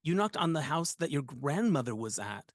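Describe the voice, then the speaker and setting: A man's voice: on the high side, big pitch swings, normal speed, no echo, studio quality. Affirming male podcast host. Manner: responsive, affirming. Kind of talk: interviewing, brief reactions.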